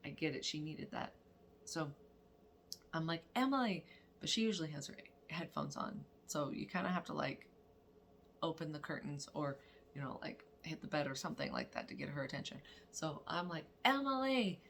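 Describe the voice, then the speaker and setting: Mom telling a story on her vlog, low gravelly voice, acts out all the quotes. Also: normal speed, a little hiss or hum. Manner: animated, acts out quotes, laughs often. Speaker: mother of daughters. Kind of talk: casual spiritual storytelling vlog.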